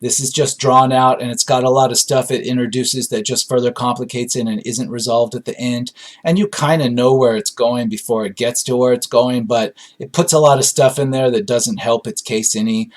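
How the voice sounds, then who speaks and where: A man's voice: medium pitch, fairly even intonation, normal speed. A man casually reviewing a film on his own, reading out audience reviews and talking with lots of fillers. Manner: rambling, frequent fillers and hedges.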